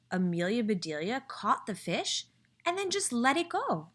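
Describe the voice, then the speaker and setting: A woman teacher with a voice on the high side reads a picture book aloud to children, clear and expressive. She pauses along the way to ask them questions.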